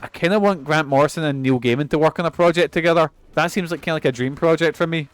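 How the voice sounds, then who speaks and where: A man's voice: fairly high pitch, fast, clean tone. A young man giving rambling, sweary commentary while he plays a game. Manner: rambling and sweary, laughs often. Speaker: streamer. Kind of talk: casual gameplay commentary.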